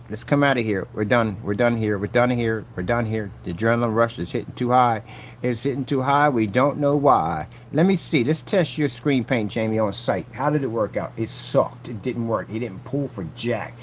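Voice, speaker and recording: A man's voice: mid-range voice, lively intonation, moderate pace, slight background noise. A man vlogging casually from a work site, taunting a rival in a boastful, repetitive way. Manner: taunting, boastful, repeats himself. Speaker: vlogger selling projection screen paint.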